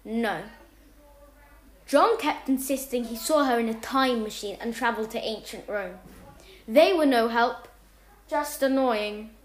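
A woman with a fairly high, light voice reads a homemade story aloud. She is animated and jumps up in pitch and loudness for each line of dialogue. The room around her rings with echo.

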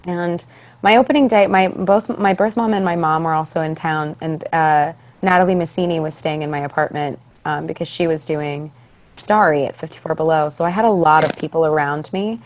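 A young woman, a stage actress, chatting as a podcast guest, telling her story with lively acted-out quotes. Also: sits low, fairly quick, a little hiss or hum. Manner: animated, acts out quoted voices. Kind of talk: casual interview storytelling.

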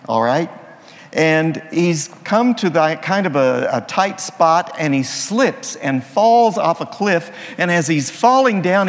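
Folksy priest telling jokes, slow and lively. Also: male voice, fairly high pitch, big-room sound. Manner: folksy, playful joke-telling. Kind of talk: sermon opening with jokes. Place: church.

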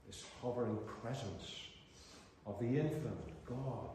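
An older man preaching a sermon at a convention, alternating between loud, impassioned declarations and quiet reflective passages. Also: mid-range voice, a little slow, a little hiss or hum. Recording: echoey hall, heard from far off.

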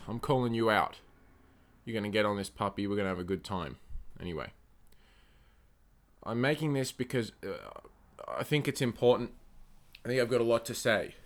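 A man hosting his own solo podcast, rambling and swearing through rants that flare up loud and high when he gets angry. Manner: rambling, profane, ranting. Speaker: podcast host.

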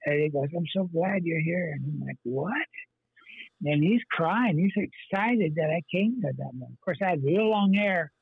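Husky man with a tinny phone sound. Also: fairly high pitch, expressive, normal speed, few pauses. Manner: rambling and earnest, many fillers and restarts. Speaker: pastor, guest. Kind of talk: telling his life story in an interview.

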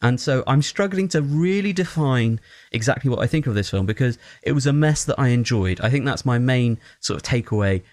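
A man talks through a film in a loose, opinionated way, stopping and restarting his sentences as he goes. His voice sits at an ordinary middle pitch for a man. His tone is conversational and lively rather than polished. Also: brisk, no echo, clean studio sound. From not American. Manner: animated, opinionated, many fillers and restarts. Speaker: film reviewer. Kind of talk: casual film review chat.

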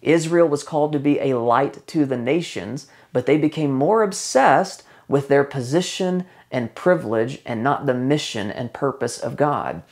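A man delivering a sermon in a conversational, teaching manner. His voice sits at an ordinary middle pitch. He often slows down to stress a point and repeats key phrases for weight. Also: darkish tone. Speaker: pastor.

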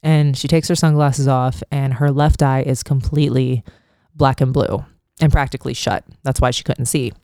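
A man's voice: mid-range voice, fairly even intonation, normal speed, vocal fry, a little mellow, no echo, studio quality. A man talking casually and frankly in a monologue, swearing often and filling his speech with "like". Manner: frank and profane, many filler likes.

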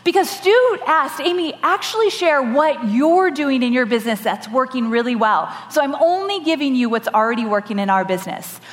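A woman with a high, bright voice tells a story from the stage, lively and quick to laugh. Her words ring out with a long hall echo around them. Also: a little hiss or hum. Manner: animated, laughing storyteller with dramatic quoted voices. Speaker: podcast host giving a conference talk. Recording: live talk with long hall reverb.

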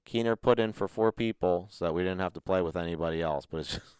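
A man co-hosting a casual podcast, telling a long story in a profane, animated way. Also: deep voice, quick pace, clean tone, no room sound. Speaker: podcast co-host. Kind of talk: casual chat.

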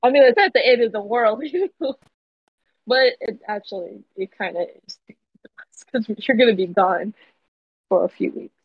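Husky young woman, halting podcast chat. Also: medium pitch, no room sound. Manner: halting, giggly, trails off. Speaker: podcast co-host. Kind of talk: casual chat. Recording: dull lo-fi home mic.

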